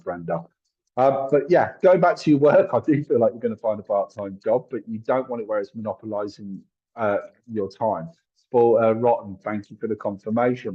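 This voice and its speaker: A man's voice: fairly low pitch, dark tone, breathy edge, muffled recording. A man doing a live psychic reading, chatty and apologetic, thinking aloud with lots of fillers. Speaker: psychic medium.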